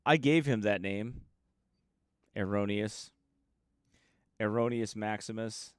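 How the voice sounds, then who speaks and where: A man's voice: fairly low pitch, slow, clear, resonant tone, no room sound, studio quality. A man, a pastor from the United States, chatting casually and joking with livestream viewers before his sermon. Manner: chatty, joking, reads viewer names aloud.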